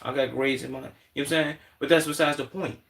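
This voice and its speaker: A man's voice: mid-range voice, steady tone, fast talker, vocal fry, a bit bright. Chicago dude streaming, cussing a lot and stumbling over his words, sounds a bit far from the mic. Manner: blunt, profane, repeats words, emphatic asides. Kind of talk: live reaction commentary.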